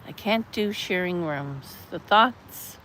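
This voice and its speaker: A woman's voice: lowish voice, lively intonation, slow pace, fairly bright tone, a little hiss or hum. A middle-aged woman chatting on a casual livestream, answering chat in a chatty, mothering and blunt way, with some cursing. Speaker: livestream host reading chat.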